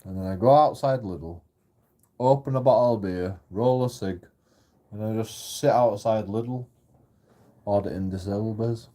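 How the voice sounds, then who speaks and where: A man's voice: lowish voice, unhurried, pauses often, warm tone. A man telling a sweary, rambling, indignant story in a casual vlog. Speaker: YouTube auditor and streamer.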